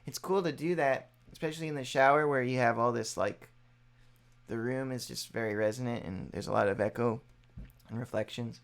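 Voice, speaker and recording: A man explaining vocal technique in a relaxed, casual music lesson, thinking aloud with fillers. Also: mid-range voice, a little fast, gravelly. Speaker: musician teaching voice practice.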